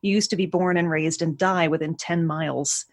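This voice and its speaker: A woman's voice: deep voice, fairly even intonation, moderate pace, dry recording. An American woman guesting on a podcast, chatting casually with a wry, tangent-prone manner. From United States. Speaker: podcast guest, trivia writer.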